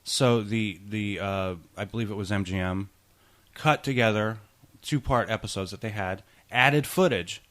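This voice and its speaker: A man's voice: fairly low pitch, normal speed, fairly bright tone. A man co-hosting a podcast in casual chat, rambling through film trivia with many restarts. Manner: chatty, rambling, tosses in goofy impressions. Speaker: podcast co-host.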